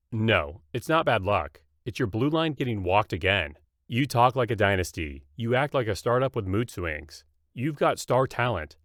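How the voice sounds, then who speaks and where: A man's voice: mid-range voice, no room sound. Dry mocking male roast narrator. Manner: mocking, punchy deadpan delivery. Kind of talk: scripted comedic roast narration.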